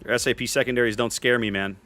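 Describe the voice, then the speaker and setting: A man's voice: mid-range voice, fairly even intonation, fast talker, a bit bright. A man streaming a game, chatting casually with his viewers in a rambling, self-interrupting way. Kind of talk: casual gameplay commentary with chat.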